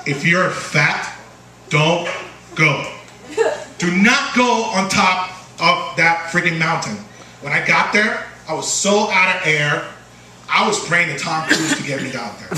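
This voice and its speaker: Halting stand-up comic in an echoey bar. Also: male voice, pushed and bright, distant mic. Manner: halting delivery full of uh and restarts, jumps high for quoted voices. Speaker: stand-up comedian. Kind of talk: stand-up comedy set. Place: small bar stage. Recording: echoey bar room recorded from afar. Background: bar crowd ambience and laughter.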